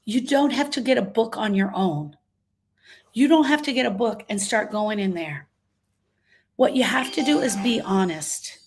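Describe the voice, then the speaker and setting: A woman's voice: fairly high pitch, expressive, normal speed, slightly rough. A woman hosting a live grief coaching talk, emphatic and full of rhetorical questions, reading out comments from her audience. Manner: reads out audience comments warmly. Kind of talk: motivational livestream talk.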